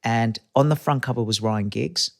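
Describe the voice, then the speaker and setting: A man's voice: medium pitch, moderate pace, vocal fry. A man, a guest telling rambling stories in a casual interview and acting out the voices of people he quotes. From Australia. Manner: chatty, rambling anecdotes, acts out quoted voices.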